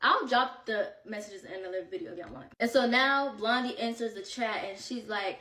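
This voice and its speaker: A woman telling a vacation story in casual storytime style, animated and slangy, slightly out of breath. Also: mid-range voice, fast, hardly any pauses, distant mic. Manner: animated, slangy, quoting friends in bursts. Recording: echoey room, voice set back from mic.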